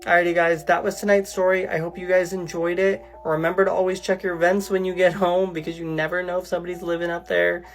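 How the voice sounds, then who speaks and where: A woman calmly reading a first-person creepy story, then signing off as host. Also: lowish voice, fast, few pauses. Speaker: channel host and narrator. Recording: faint music underneath.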